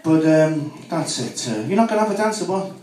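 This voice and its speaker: A Liverpool-accented man working through a stand-up set, stringing jokes together with frequent "you know"s. His voice sits on the higher side and is picked up from a distance, with plenty of room echo. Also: animated, a little mellow. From Merseyside. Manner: rapid joke delivery with many "you know" fillers. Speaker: stand-up comedian. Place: club room with live audience. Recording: echoey room, distant mic.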